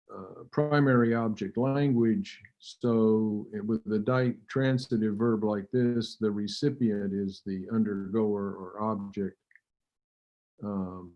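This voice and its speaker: A man giving an academic lecture, measured and halting, with fillers and occasional throat clearing. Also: lowish voice, dark tone. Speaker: linguistics lecturer. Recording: dull lo-fi recording.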